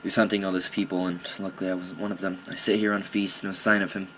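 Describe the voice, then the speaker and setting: A man's voice: low-pitched, little pitch movement, fast, fairly bright tone, slight background noise. A young man narrating a recorded game of his own in casual commentary, playing up mock drama about his feelings as a joke. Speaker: gaming commentator.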